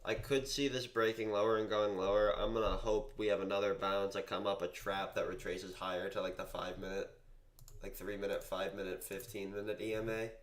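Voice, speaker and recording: A man's voice: fairly low pitch, flat delivery, brisk. A young man from Massachusetts chatting casually on a live trading stream, rambling and joking at his own expense. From Massachusetts, USA. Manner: rambling, self-deprecating, joking.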